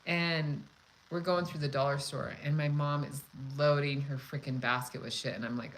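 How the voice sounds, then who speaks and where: A woman hosting a cooking channel, chatting casually and telling a story in a frank, profane, animated way. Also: low-pitched, normal speed, slight background noise, poor audio. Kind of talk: casual live chat storytelling.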